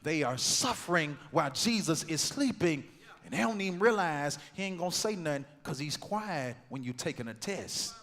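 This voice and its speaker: High-voiced preacher shouting in a reverberant church. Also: male voice, lively intonation, moderate pace. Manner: call-and-response preaching, swings from low talk to loud shouting. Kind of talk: sermon. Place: large church sanctuary. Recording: long hall reverb in church.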